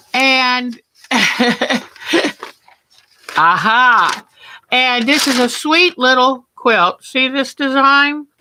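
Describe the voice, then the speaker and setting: A woman hosts a relaxed quilting stream and talks viewers through her work at an easy, leisurely pace. Her voice is bright and forward, with a crisp edge. She chats loosely, thinks out loud and often breaks off mid-sentence to start again. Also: mid-range voice. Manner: chatty, self-interrupting, thinks aloud. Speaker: quilting livestream host. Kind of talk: casual livestream chat and demonstration.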